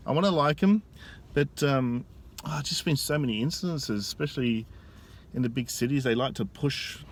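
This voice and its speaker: Aussie bloke rambling into his phone outside, keeps restarting sentences, bit of street noise behind. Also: mid-range voice. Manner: rambling, halting, with frequent restarts. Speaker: vlogger. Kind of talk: casual storytelling vlog.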